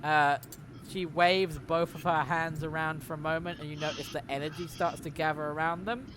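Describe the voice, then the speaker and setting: Man, game master, chatty and rambling, fairly high voice, noisy recording. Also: normal speed. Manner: rambling, chatty, self-correcting. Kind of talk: narrating a tabletop game.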